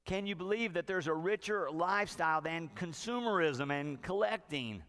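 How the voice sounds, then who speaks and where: A male pastor delivering a sermon with a fairly high voice. He tells stories with dramatic swings, dropping to a hush and then building up loud. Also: normal speed. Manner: storytelling with wide swings from hushed to loud.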